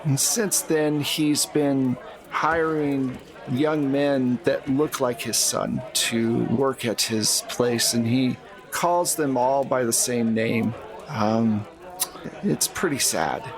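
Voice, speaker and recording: Man doing a sly older woman, 72, haggles, unhurried and measured. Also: mid-range voice, steady tone. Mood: shrewd. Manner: wry, world-weary, haggling. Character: shrewd older woman, seventy-two.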